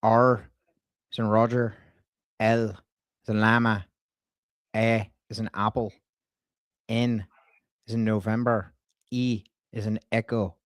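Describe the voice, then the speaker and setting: A man voicing a polite, folksy Irish male wealth manager on a prank call, speaking in a calm, courteous, unhurried way with an Irish accent. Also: fairly low pitch, no echo, studio quality.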